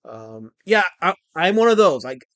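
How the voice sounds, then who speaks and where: High-voiced man hosting a livestream. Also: sing-song, measured pace, no room sound. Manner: mock-pompous, addresses chat, frequent stammered repeats. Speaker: livestream host. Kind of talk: casual livestream chat.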